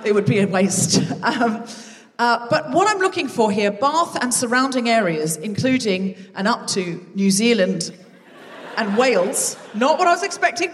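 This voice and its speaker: A woman's voice: a little high, in a large hall, distant mic. A woman hosting a live comedy show on stage, joking and bantering with the audience. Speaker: comedy podcast host. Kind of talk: live stand-up crowd work. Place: large theatre with a live audience. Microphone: stage microphone.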